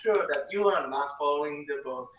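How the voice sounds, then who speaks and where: A man joining a live stream chat with short, halting remarks. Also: fairly high pitch, fairly bright tone, muffled recording, a little hiss or hum. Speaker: stream guest. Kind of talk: casual chat. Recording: roomy, distant mic with crowd behind.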